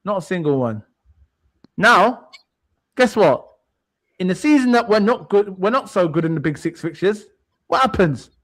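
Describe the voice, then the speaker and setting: Boastful male co-host, taunting tone, pitched high. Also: sing-song, normal speed, long pauses, fairly bright tone. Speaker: podcast co-host. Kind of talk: heated football banter.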